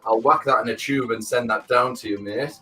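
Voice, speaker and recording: A husky middle-aged man chats casually with a friend, rambling through his weekend, saying "mate" a lot and swearing freely. Faint music sits underneath. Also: mid-range voice, a little fast, sharp tone. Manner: chatty, matey, swears freely, many fillers. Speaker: podcast co-host. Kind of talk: casual chat between friends.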